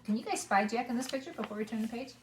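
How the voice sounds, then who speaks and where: A woman preschool teacher reading a storybook to children, animated and inviting them to join in. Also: fairly high pitch, racing, reverberant, slight background noise. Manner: animated, asks the children along.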